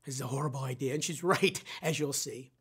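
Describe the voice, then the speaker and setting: A man's voice: mid-range voice, quick pace, a bit bright, husky. A middle-aged man, a sales trainer, telling a self-mocking story in a live online training session and putting questions straight to his audience.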